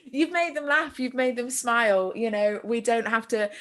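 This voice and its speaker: A woman's voice: a little high, normal speed, fairly bright tone. A woman hosting a casual interview, encouraging her guest and laughing along. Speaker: podcast host.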